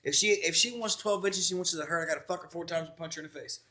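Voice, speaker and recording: A young man co-hosting a podcast races through a long, profane story, rambling and laughing in casual storytelling chat. His voice is a little high with a sharp tone.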